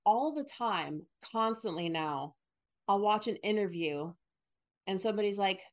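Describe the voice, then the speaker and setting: Animated woman acting out quotes. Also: mid-range voice, moderate pace. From northern United States. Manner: animated, acts out quotes in exaggerated voices, swears casually. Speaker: podcast co-host. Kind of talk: casual chat.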